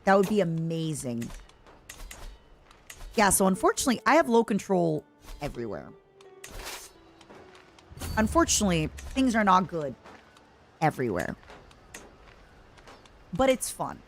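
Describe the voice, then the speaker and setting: A woman's voice: lowish voice, big pitch swings, a little slow, long pauses, faint music behind. A woman VTuber streaming a strategy game, chatting casually and playfully pleading with the game as she plays. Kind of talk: casual live gameplay commentary.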